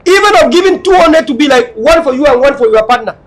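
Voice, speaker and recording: High-pitched man lecturing. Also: expressive, quick pace, a bit bright, low-quality recording. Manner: hectoring, repetitive, lecturing. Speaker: talk show host. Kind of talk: online talk show monologue.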